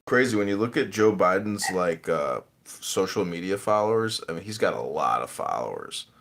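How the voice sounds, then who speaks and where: A man hosting a podcast in casual, profane chat, mocking and animated. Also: low-pitched, moderate pace, creaky. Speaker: podcast host.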